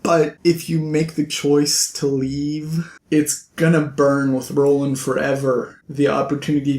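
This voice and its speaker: A man vlogger retelling a novel's plot in a casual, animated way, with playful asides to his viewers. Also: mid-range voice, a little slow, slight background noise. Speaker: book vlogger. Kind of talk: casual book recap. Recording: roomy echo.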